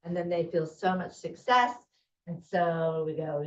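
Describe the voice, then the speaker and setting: A woman teacher demonstrating a reading routine, deliberate and encouraging. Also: lowish voice, fairly even intonation. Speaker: first grade teacher. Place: school room presenting to parents. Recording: roomy, distant, dull sound.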